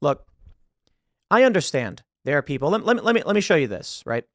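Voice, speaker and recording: A man's voice: on the high side, very animated, brisk, dry recording, clean studio sound. A man giving emphatic online commentary, often repeating words as he pushes his points. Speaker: political commentator.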